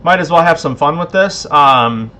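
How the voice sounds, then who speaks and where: A man's voice: fairly high pitch, animated, normal speed, pushed and bright. A man hosting a casual livestream giveaway, laid-back, a bit tipsy and laughing often. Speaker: livestream host.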